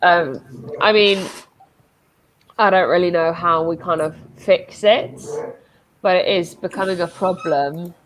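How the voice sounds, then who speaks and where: A woman's voice: fairly low pitch, unhurried, long pauses, a little hiss or hum, low-quality recording. A woman co-hosting a casual football watchalong, talking earnestly with lots of "like" and hesitations. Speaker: co-host of a watchalong.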